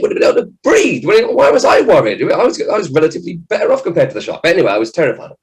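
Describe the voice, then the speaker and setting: A man, a children's author, giving a lively, jokey talk to children at an event. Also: high voice, racing, hardly any pauses, low-quality recording. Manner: animated, jokey, acts out scared voices.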